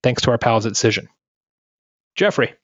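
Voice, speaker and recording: Brisk man reading podcast sponsor spots. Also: mid-range voice, lively intonation, a bit bright, dry recording. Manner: brisk, repeats web addresses. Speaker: podcast host. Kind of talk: sponsor read. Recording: dry, slightly dull audio.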